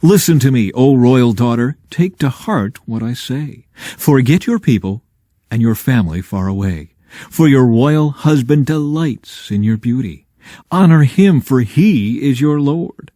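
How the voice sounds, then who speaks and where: A man reading scripture aloud in a measured, expressive way, leaning into dramatic lines. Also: medium pitch, dry recording, clean studio sound. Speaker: Bible reader.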